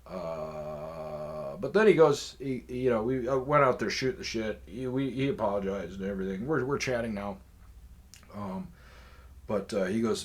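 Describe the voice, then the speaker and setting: A man's voice: fairly low pitch, expressive, unhurried. A man hosting a podcast, telling a long personal story in a rambling, profane way with lots of fillers. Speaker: podcast host. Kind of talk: casual storytelling.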